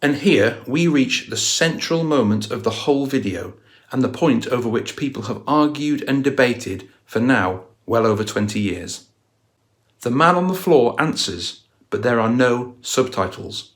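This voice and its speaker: A man's voice: mid-range voice, expressive, a little slow. A man hosting a music channel, walking through a music video scene by scene and explaining it. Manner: storytelling, analytical walkthrough. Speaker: guitar channel host.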